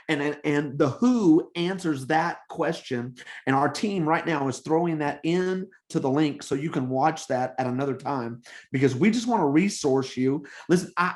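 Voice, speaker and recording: Middle-aged male ministry coach with a fairly high voice, preaching energetically and exhorting his listeners. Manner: exhorting, repeats "come on", restarts. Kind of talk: energetic preaching-style teaching.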